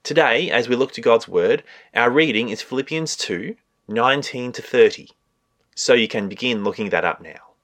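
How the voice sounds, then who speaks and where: A man's voice: mid-range voice, expressive, moderate pace, fairly bright tone. Man announcing a radio sermon. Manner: plain, informative.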